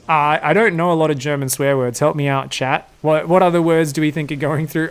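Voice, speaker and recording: A young man with a slightly high voice casts a strategy game with bouncy excitement. He laughs often and jokes around, putting on silly voices for the players. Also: brisk, hardly any pauses, clean tone. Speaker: game caster. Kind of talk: excitable esports commentary.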